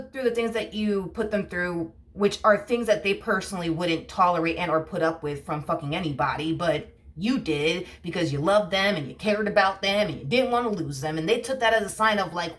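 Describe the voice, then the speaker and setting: A woman's voice: on the low side, brisk, hardly any pauses, far from the mic. A woman giving a tarot reading, ranting heatedly and swearing often as she gets worked up. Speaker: tarot reader. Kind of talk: casual tarot reading monologue.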